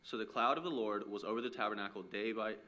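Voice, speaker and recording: A man reading a Bible passage aloud to a congregation in a steady, measured way. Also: fairly low pitch. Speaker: scripture reader.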